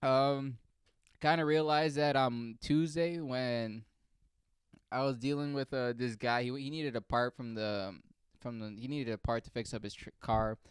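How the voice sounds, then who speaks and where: A man's voice: mid-range voice, steady tone, a little slow, clear, resonant tone, no echo, studio quality. A young man from Africa telling a profane, exasperated comedic story in a casual rant.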